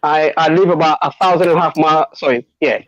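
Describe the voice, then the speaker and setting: A man's voice: on the high side, steady tone, fairly quick, no room sound, lo-fi sound. A man on an online call, answering insults mildly with stammers and jokes. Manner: mild, stammering, jokingly submissive. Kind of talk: casual call-in chat.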